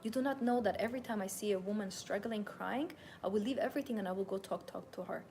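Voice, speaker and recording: A woman's voice: medium pitch, fast talker, vocal fry, a little mellow, a little hiss or hum. A young adult woman hosting a live motivational talk, speaking in a passionate, emphatic, self-assured way. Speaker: host and femininity coach.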